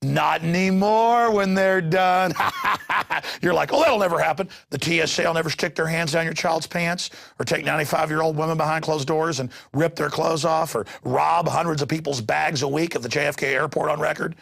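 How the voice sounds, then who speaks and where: A man hosting a news commentary show, ranting with passion and bursting into shouts. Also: fairly high pitch, fairly even intonation, brisk, vocal fry, no echo, studio quality. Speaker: talk show host. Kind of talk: heated news commentary monologue.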